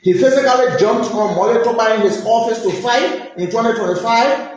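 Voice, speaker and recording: A man's voice: very high voice, a little fast. A middle-aged man with a Liberian accent, a university vice president giving a formal, emphatic press statement that admonishes. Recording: very echoey room with faint noise.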